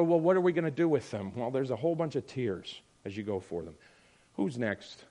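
A man pastor giving a conversational sermon, swinging between loud emphasis and quiet asides. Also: medium pitch, lively intonation, moderate pace.

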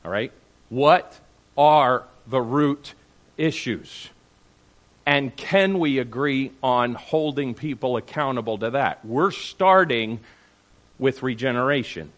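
A man's voice: medium pitch, slow pace, a bit bright. A man leading a church group discussion, speaking emphatically and checking in with the group with "all right?" and "okay?". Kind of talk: animated teaching talk to a group.

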